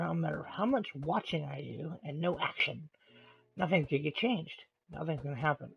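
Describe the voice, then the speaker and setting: A man streaming live, delivering an angry rant in a deliberately calm, measured voice with halting pauses. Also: a little high, gravelly, slightly rough. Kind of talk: ranting monologue on a live stream. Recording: tinny, phone-like lo-fi sound.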